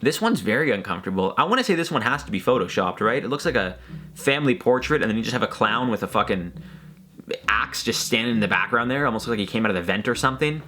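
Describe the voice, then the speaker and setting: A man's voice: medium pitch, lively intonation, fast talker, pushed and bright, faint music behind. A man hosting a reaction video, talking in a rambling, hesitant, joking way. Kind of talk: casual commentary.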